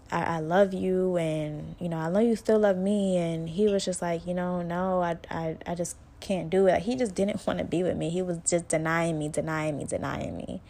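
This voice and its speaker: A woman's voice: on the low side, darkish tone. A young woman hosting her own podcast, telling a personal story in a candid, conversational way and speaking straight to her listeners. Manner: candid and conversational, full of "like" and "y'all". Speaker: podcast host.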